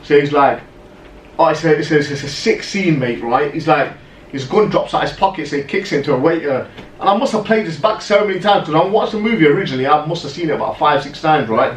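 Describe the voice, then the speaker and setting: A man co-hosting a podcast, telling stories in casual, animated chat full of "right?" asides. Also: fairly high pitch, fast talker, recorded from a distance. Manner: animated storyteller, lots of "right?" and "yeah?" asides. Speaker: podcast co-host. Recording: roomy echo, off-mic, faint noise.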